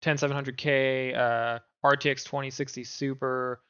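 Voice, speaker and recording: A man's voice: medium pitch, little pitch movement, normal speed, sharp tone, clean tone, muffled recording. A man co-hosting a gaming podcast, chatting casually with lots of fillers and restarts. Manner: rambling, many fillers and restarts. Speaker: podcast co-host. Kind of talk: casual chat.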